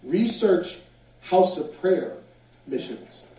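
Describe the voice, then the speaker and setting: Male preacher, high-ish voice, animated storyteller, distant echoey hall sound. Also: normal speed. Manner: animated storyteller, acts out quotes. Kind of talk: sermon storytelling.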